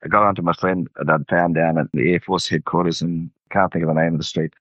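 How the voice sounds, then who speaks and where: A man's voice: low-pitched, fairly even intonation, quick pace, a bit bright, no echo. An older man from New Zealand with a New Zealand accent, a war veteran telling his story in an oral history interview, plainspoken and acting out dialogue. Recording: dull lo-fi recording.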